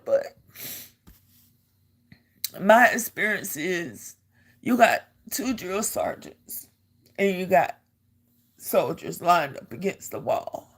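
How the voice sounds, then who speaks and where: An older woman recounts her own experience in a low voice, taking her time over every word. She speaks earnestly as she tells her story and repeats phrases to drive a point home. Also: sing-song, takes it slowly, pauses often, slightly rough. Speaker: vlogger and army veteran. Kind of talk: personal storytelling.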